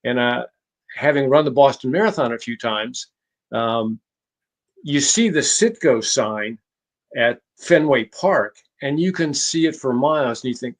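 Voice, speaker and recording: A man at a middle pitch speaks as a guest author in a conversational interview. He tells his stories at a measured pace. He often halts and restarts his phrases. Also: animated. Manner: measured, halting with frequent restarts. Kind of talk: conversational storytelling.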